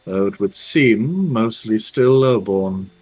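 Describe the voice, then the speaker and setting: A man voicing a cold, haughty noble father who talks in a measured, disdainful way in a tabletop game. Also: lowish voice, expressive, darkish tone, slightly rough, no echo, faint music behind, voice pushed down, exaggerated voice, poor audio.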